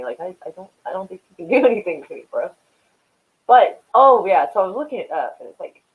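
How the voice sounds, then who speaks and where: A woman from Oklahoma hosting a casual livestream, chatting with viewers in a profane, rambling way and often laughing at herself. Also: low-pitched. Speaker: livestream host. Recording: tinny phone-like audio.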